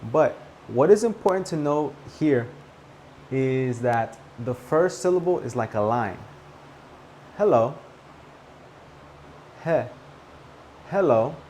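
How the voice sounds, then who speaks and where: A man teaching English pronunciation, slowly over-articulating each word to camera. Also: medium pitch, expressive, darkish tone, slight background noise, low-quality recording. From Latin America. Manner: slow, carefully over-articulated demonstrations.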